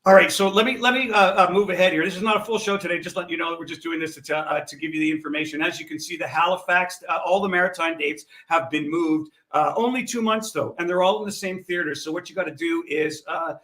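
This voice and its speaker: Brief: hoarse male comedian host, bright and forceful, a bit high, heard from off the mic in a roomy space. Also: quick pace, hardly any pauses, far from the mic. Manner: gruff, exasperated banter. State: hoarse from laryngitis. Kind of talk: casual live show chat.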